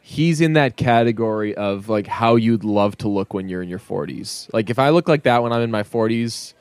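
A man's voice: on the low side, normal speed, clear, resonant tone, no echo. A man co-hosting a podcast, chatting casually and joking, with frequent restarts. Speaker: podcast co-host. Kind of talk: casual chat.

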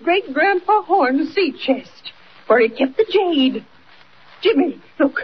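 A high-pitched, fretful older country woman, talking in folksy, ungrammatical phrases. She sounds like a 1940s radio serial, muffled and thin with a faint hiss behind her. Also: expressive, slow pace. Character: excitable older country woman, Aunt Lou. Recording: dull, faintly noisy old radio recording.

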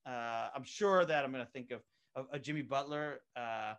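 A man who voices characters on an animated series, chatting eagerly and at length in a casual interview, full of fillers and restarts. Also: mid-range voice, normal speed. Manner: rambling, many fillers and restarts; eager, enthusiastic. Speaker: voice actor on an animated web series, interview guest.

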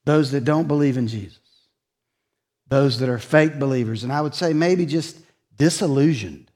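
A man preaching a sermon in a church, earnest and confessional, dropping from emphatic lines to soft, hushed ones. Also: medium pitch, normal speed. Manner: earnest, confessional, swings from loud emphasis to soft near-whisper. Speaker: pastor. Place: church sanctuary.

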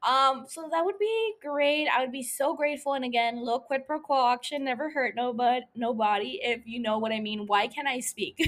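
A woman with a notably high voice talks through her solo podcast. She is playful and chatty, swearing freely as she rambles along in a loose, casual monologue. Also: fairly bright tone. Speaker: podcast host.

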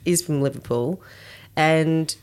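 A woman hosting a casual chat, playful and expressive, breaking into laughter often. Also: low voice, slow.

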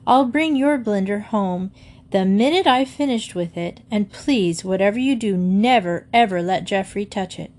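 A woman's voice: mid-range voice, moderate pace, darkish tone, lightly acted. A woman reading aloud, voicing a flustered mother who pleads in a raised, distressed voice. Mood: polite. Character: flustered mother, middle-aged woman, tearful.

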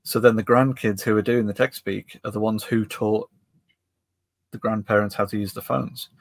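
A male podcast host chats casually in a lowish voice and takes a winding path through each thought. He restarts phrases as he goes. The sound is dry and close, with no room echo. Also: fairly even intonation, moderate pace, creaky. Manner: rambling, circles back and restarts phrases. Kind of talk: casual chat.

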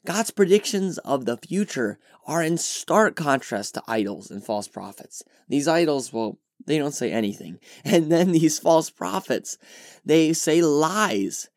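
Animated man teaching scripture. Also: on the high side, dry recording, clean studio sound. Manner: earnest and emphatic, voices quoted reactions with animation. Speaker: podcast host teaching scripture. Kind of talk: Bible teaching podcast.

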